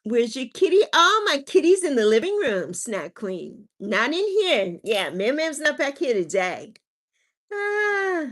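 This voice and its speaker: A woman hosts a casual livestream, greeting viewers by name and reading their comments aloud. Her voice sits a little high and moves up and down a lot. She laughs often between thoughts. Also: sing-song, a little slow. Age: adult with a child. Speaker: livestream host.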